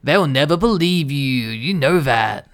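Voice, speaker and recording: A man voicing a menacing male drifter, speaking slowly and coaxingly. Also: fairly high pitch, animated. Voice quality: slow, drawn-out, menacing delivery.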